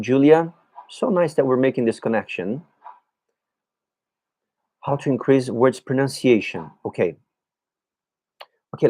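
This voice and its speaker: Guy doing a live english lesson, reads out viewer questions, says words slow to show how they sound. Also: mid-range voice, mellow. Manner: friendly, answers viewer questions by name; models pronunciation of words slowly. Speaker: English teacher. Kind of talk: live-streamed language lesson.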